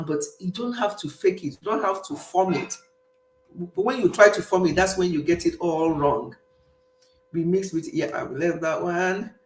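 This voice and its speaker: Middle-aged Nigerian woman with an Igbo accent, emphatic, chatty host, echoey room. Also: fairly low pitch. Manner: chatty, emphatic, laughs often. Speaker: livestream host. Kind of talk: casual chat with live viewers. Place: home in the UK.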